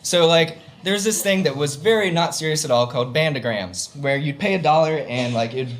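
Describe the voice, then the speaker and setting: A man's voice: on the high side, fairly quick. A young man from the US, telling a comic story on stage before a live audience, chatty and full of fillers, laughing along as he talks. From Southern United States.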